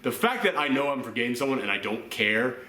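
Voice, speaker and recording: A man's voice: medium pitch, animated, fast, sharp tone. A man ranting in a casual chat about a film, exasperated and swearing freely. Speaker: movie reviewer. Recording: roomy echo.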